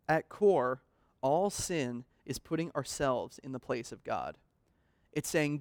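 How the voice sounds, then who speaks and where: A man of middle pitch gives a sermon, reading scripture and then working through it with earnest emphasis. He asks his listeners pointed rhetorical questions. The sound is dry and close, with no room echo. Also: expressive, slow pace, a little mellow. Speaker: preacher.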